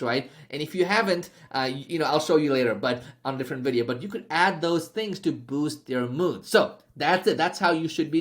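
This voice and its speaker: A young man giving a casual spoken sales masterclass, chatty and constantly checking in with "okay?" and "right?". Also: fairly high pitch. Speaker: sales trainer.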